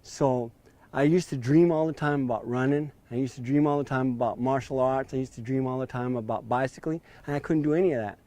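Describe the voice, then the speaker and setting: A man's voice: medium pitch, a little fast, warm tone. A man in his fifties telling his story in an interview, acting out quoted dialogue with a raised voice. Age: 50s.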